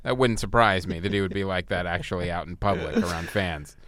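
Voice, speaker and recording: A man co-hosting a podcast, chatting casually about films with easygoing, quick asides. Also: low-pitched, a bit bright, no room sound, studio quality. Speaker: podcast co-host. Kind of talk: casual film chat.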